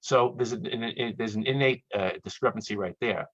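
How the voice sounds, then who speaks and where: A man giving a chatty, joking lecture to dentists over a webinar, quickly acting out little quoted exchanges. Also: on the low side, a bit bright, no room sound. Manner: fast, chatty, joking asides, acts out quoted voices. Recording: dull, dry lo-fi webinar audio.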